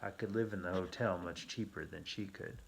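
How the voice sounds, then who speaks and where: A man with a very low, deep voice narrating an adventure novel in the first person. His delivery is measured and steady, like a seasoned audiobook reader. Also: creaky, slight background noise.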